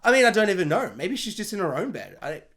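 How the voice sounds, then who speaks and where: A man's voice: high-pitched, big pitch swings, fast, a bit bright. A man giving a casual spoiler film review, rambling with lots of "like" and firing off questions.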